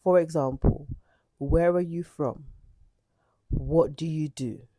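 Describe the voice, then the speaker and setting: A woman's voice: low voice, steady tone, takes it slowly, mellow, dry recording. A woman teaching an English lesson for learners, speaking in a patient, instructive way.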